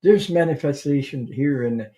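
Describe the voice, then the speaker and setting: A man hosting a tarot livestream, chatting casually and rambling, with halting restarts while he greets viewers. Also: medium pitch, dark tone. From Canada.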